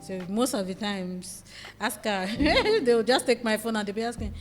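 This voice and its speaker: A woman's voice: on the high side, animated, moderate pace. A woman with a Nigerian accent, chatting animatedly as an interview guest and laughing often as she tells stories. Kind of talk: casual interview chat. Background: background music.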